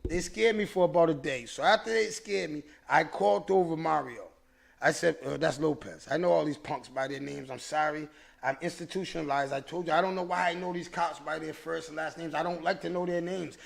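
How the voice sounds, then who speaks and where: Man, podcast host, high voice, gravelly, animated profane storytelling. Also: brisk. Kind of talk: casual storytelling.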